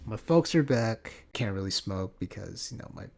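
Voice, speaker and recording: A man's voice: fairly low pitch, lively intonation, moderate pace, creaky, a little mellow. Casual young man telling a profane story. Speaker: vlogger.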